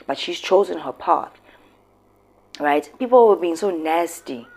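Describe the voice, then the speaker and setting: A woman's voice: fairly low pitch, a little slow, husky. A South African woman hosting casual commentary, talking expressively and emphatically. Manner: expressive, emphatic, switching into local words. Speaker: commentary host.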